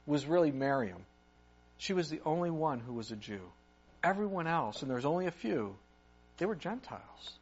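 A man preaching a sermon, retelling a story with lively asides and acted-out voices. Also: sits high, slightly rough. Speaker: pastor. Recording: muffled lo-fi recording.

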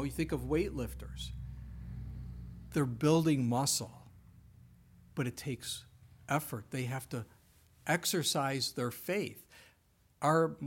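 A man's voice: medium pitch, slightly rough. Earnest male pastor preaching. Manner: earnest, emphatic preaching with rhetorical questions. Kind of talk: sermon.

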